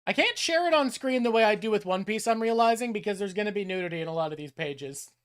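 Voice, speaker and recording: A man's voice: high voice, lively intonation, fast talker, a bit bright, smooth. A man hosting a casual chat with his mother, rambling and self-deprecating. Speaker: host.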